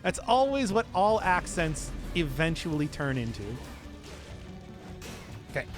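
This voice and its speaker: Animated, laughing young male streamer. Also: a little high, a little slow, music in the background. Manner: laughs often, answers chat, self-mocking. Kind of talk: casual gameplay commentary.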